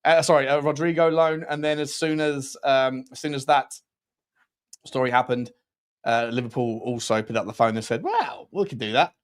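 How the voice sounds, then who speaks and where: A man's voice: mid-range voice, level tone, moderate pace, smooth. A man hosting a casual live-stream football chat, joking and reading out viewer messages. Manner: chatty, jokey, reads out viewer messages. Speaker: podcast host.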